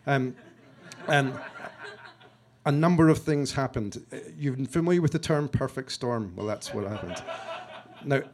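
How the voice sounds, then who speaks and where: A man from Scotland telling a story to an audience, self-mocking and halting, with frequent restarts, acting out what other people said. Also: mid-range voice. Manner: halting restarts and repeated words. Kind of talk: storytelling talk.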